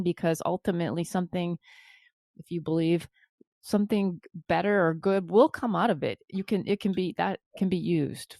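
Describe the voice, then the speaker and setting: A woman with a fairly low voice hosts a conversational podcast interview. She thinks aloud and often breaks off and restarts her phrases. Her voice sounds dry and close, with no room echo. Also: moderate pace, warm tone. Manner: reflective, with frequent restarts. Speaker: podcast host.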